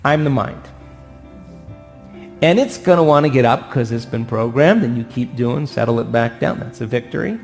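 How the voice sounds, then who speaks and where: Man, gravelly voice, animated talk to an audience, faint music behind. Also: medium pitch, normal speed. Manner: animated, asks the audience for agreement, acts out voices. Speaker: speaker.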